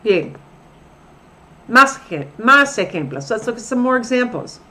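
A middle-aged woman teaching a recorded language lesson, explaining slowly and repeating each example sentence deliberately. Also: fairly high pitch, sing-song, pushed and bright. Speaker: Spanish teacher.

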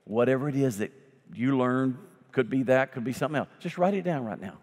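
A male pastor delivering a sermon, swinging between loud emphatic lines and slow hushed ones, with folksy humorous asides. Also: mid-range voice, expressive. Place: church sanctuary. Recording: long hall reverb.

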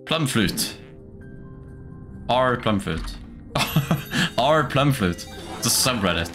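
A man streaming a game in casual commentary, excitable, swearing often and laughing a lot. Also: mid-range voice, slow. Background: game music.

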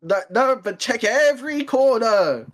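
A man's voice: extremely high pitch, lively intonation, unhurried. A man chatting casually while streaming a game. He teases, repeats himself and laughs often. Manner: teasing, giggly, repeats himself. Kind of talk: casual gaming chat.

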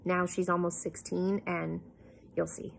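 A woman's voice: on the low side, little pitch movement, gravelly, slight background noise. A woman reading a novel aloud at home, stopping now and then to explain the story to her listeners. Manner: pauses to explain the story to listeners, corrects slips.

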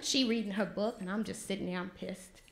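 A woman, telling a personal story on stage in an animated, vernacular way. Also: medium pitch, a little fast, gravelly. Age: 40s. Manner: animated, vernacular, acts out quotes loudly. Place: stage before an audience.

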